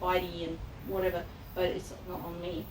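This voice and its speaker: An Australian woman working as a dog trainer, chatting casually with a client and acting out lively anecdotes. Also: lowish voice, moderate pace. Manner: animated storyteller, acts out voices in anecdotes. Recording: roomy echo, distant mic, background noise.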